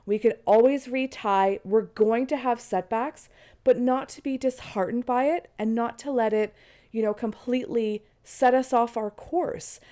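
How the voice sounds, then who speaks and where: A woman's voice: on the high side, unhurried, dark tone. Chatty woman with a stuffy nasal voice. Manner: chatty and encouraging. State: nasal from a cold. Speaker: podcast host. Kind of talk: casual solo podcast talk. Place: in bed at home.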